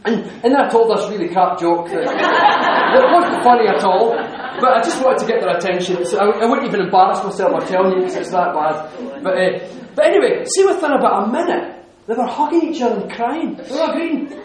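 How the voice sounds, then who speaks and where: A man telling a lively story to an audience, laughing often and restarting his sentences. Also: high-pitched, fairly quick, few pauses, a crowd in the background. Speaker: speaker giving a talk. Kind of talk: lively anecdotal talk to an audience. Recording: echoey hall.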